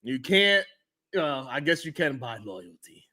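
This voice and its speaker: Slow, animated man hosting a stream. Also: medium pitch. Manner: animated, shouting out viewers, laughing often. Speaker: morning show host. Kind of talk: casual livestream commentary.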